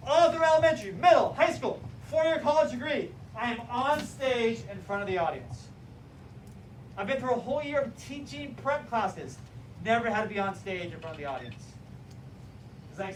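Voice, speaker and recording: A man with a very high voice tells a lively story to a room of listeners, switching into shouted character voices as he goes. He sounds some way off the mic in a room that rings with echo, with a faint hum of ambience underneath. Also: moderate pace. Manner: animated, acts out voices and shouts. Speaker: teacher trainer telling a story. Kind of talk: storytelling talk to a live audience. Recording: echoey room, mic from far off.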